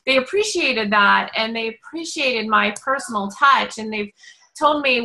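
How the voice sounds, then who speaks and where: A woman's voice: on the high side, unhurried, sharp tone, poor audio. A woman leading a casual team call, speaking in an encouraging way and using fillers often.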